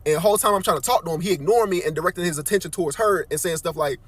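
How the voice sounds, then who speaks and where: A man with a high, light voice tells a work story at a quick clip. He is animated and slangy, and his voice leaps up whenever he quotes himself or his coworkers. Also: no room sound. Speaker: nursing aide on night shift. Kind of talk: casual storytime.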